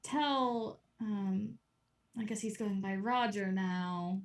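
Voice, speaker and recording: A woman's voice: mid-range voice, slow pace. A woman narrating as game master of a tabletop game, hesitant with many ums. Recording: echoey room, far from mic.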